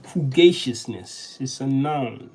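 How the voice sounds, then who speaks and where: A person in a casual solo monologue, reading aloud and practicing vocabulary. They talk haltingly, restarting often and sounding out words while thinking aloud. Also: mid-range voice, expressive, darkish tone, breathy edge, rough recording.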